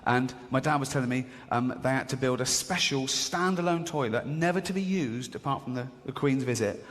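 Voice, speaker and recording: An English man doing a stand-up comedy set, swinging into high squeaky exclamations and quick impressions. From England. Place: large theatre stage before a laughing audience. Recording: live hall recording with audience noise.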